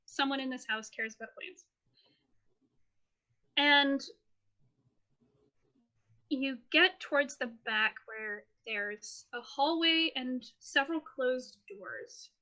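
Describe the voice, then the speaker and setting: A woman's voice: high voice, slow, pauses often, bright, forceful tone, dull audio. A woman running a tabletop game as game master, narrating scenes in a playful, descriptive way. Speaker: dungeon master.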